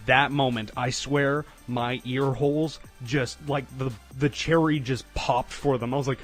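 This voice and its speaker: Young man, storytime vlog, slow delivery, mid pitch, laughs a lot, lots of fillers. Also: soft background music. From Canada. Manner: rambling, laughs often, many fillers. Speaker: storytime vlogger. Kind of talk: casual storytelling.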